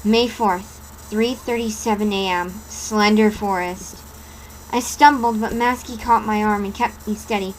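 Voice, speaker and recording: A woman's voice: medium pitch, steady tone, unhurried, a little hiss or hum, rough recording. A woman reading a horror story aloud in a dramatic storytelling style, stumbling over a word now and then. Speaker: reader.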